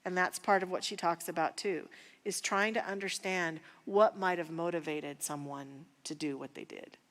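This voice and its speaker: A woman minister teaching a spiritual class, speaking in an earnest, personal and unhurried way. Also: fairly low pitch, fairly even intonation, fairly bright tone, big-room sound. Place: church sanctuary.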